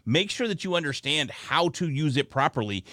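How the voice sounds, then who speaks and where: A man's voice: fairly high pitch, very animated, moderate pace, pushed and bright, no echo, studio quality. A man co-hosting a casual podcast, speaking in an earnest, coaching way about voice technique. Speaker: podcast co-host.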